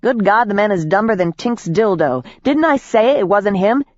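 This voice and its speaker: A woman voicing a brash, tiny male pixie fighter who talks in a quick, scrappy, mouthy way. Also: medium pitch, animated, a little mellow, no room sound, dull audio, pitched above the performer's own voice, lightly acted. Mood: exasperated.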